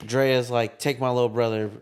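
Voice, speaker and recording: A man's voice: mid-range voice, normal speed, clear, resonant tone. Young man telling a story in a parked car. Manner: animated storyteller, acts out quotes, swears freely. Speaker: podcast co-host. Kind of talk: casual storytelling chat.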